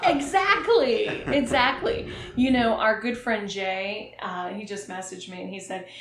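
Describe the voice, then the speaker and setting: A woman's voice: medium pitch, unhurried, fairly bright tone, slight background noise. A woman hosting a podcast in casual chat, playful and giggly. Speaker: podcast host. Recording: roomy echo.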